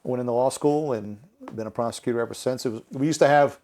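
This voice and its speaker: A man tells stories as a podcast guest. His voice sits at a middle pitch. He speaks casually and vividly, acting out what others said. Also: fast talker. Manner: animated, laughing through anecdotes, acting out quotes. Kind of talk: conversational storytelling.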